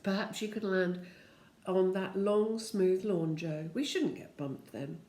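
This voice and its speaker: A woman's voice: mid-range voice, slow, mellow, close to an everyday voice. An older woman voicing a fretful, chatty male storybook creature in an echoey room.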